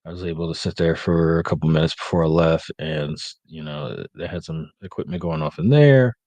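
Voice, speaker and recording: Low, dry-voiced man rambling casually. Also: fairly quick, darkish tone, no room sound. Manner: rambling, many ums and uhs. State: sleepy, yawning. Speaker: podcast host. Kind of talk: casual live-stream chat.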